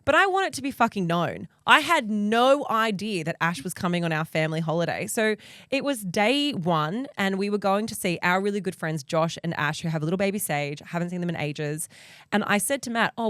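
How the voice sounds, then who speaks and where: A woman's voice: mid-range voice, animated, a little fast, fairly bright tone, no room sound, clean studio sound. A woman co-hosting a podcast, telling a story in chatty casual talk full of fillers. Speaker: podcast co-host. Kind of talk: casual chat.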